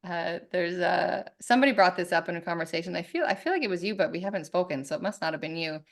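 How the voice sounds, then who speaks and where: Gravelly, candid woman guest. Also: fairly low pitch, fast talker. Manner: candid, animated, swears freely. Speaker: podcast guest. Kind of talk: casual conversation.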